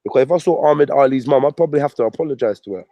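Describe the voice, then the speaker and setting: A man's voice: mid-range voice, rapid-fire, no room sound, muffled recording. A man ranting on his channel, mocking and swearing at a rival. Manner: profane, mocking, combative. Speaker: vlogger. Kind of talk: ranting commentary.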